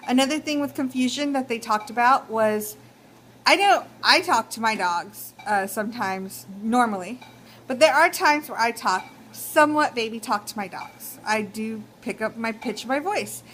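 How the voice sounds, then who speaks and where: A woman's voice: fairly high pitch, moderate pace, fairly bright tone, a little hiss or hum, poor audio. A young woman with a Texan accent giving casual advice in a vlog, talking chattily with many fillers. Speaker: vlogger.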